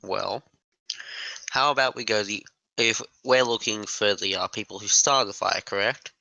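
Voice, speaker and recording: A man playing a tabletop game, casually thinking aloud and pitching plans. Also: normal speed, vocal fry, pushed and bright, no echo, low-quality recording. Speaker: player. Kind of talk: tabletop role-play.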